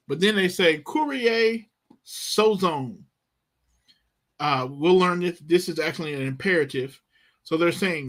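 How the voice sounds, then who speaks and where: A man teaches Bible Greek, reading verses and explaining verb tenses in a slow, emphatic, dramatic way, even acting out the disciples' panic. His voice is fairly high and a bit bright, with lively intonation.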